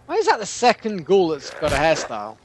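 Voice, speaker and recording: A man giving casual commentary while playing a video game, chatty and prone to excitable outbursts and swearing. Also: a little high, fairly quick, slight background noise. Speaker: let's play gamer.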